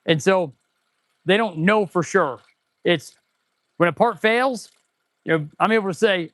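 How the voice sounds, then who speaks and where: A man who runs an auto repair shop, chatting casually and excitedly on a livestream while he tests parts, rambling to viewers as he works. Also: sits high, a little slow, pauses often, dry recording. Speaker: auto mechanic and shop owner hosting a livestream. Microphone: clip-on mic.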